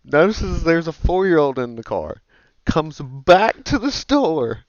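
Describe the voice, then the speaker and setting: A man's voice: on the high side, sing-song, slow, no room sound, dull audio. A man co-hosting a casual comedy podcast, laid-back, recapping the story and asking questions. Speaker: podcast co-host.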